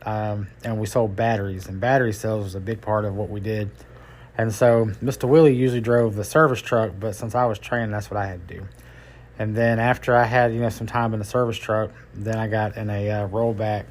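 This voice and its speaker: A man's voice: on the low side, steady tone, fairly quick, a little mellow. Folksy man telling rambling stories. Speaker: podcast host and tow truck driver. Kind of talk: casual storytelling.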